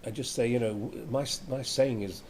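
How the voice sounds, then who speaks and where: An older actor telling anecdotes in a chatty interview, laughing often. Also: male voice, mid-range voice, fairly even intonation, brisk, darkish tone, a little hiss or hum.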